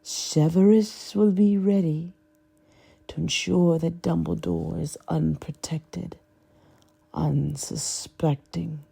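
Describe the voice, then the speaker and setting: A sinister dark lord with a cold, hissing delivery, as a woman reader puts him on for a storybook reading. The tone is gravelly and husky, and the orders are drawn out slowly and darkly. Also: steady tone, full character voice. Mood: cold menacing. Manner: hissing, low cold menace.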